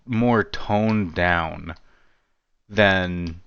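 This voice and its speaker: A man's voice: sits low, drawn-out words, clean tone, dry recording, muffled recording. A man giving casual commentary on chat logs, rambling with lots of "you know" and "like" and wry asides. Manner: wry, self-deprecating asides. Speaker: true-crime commentary creator.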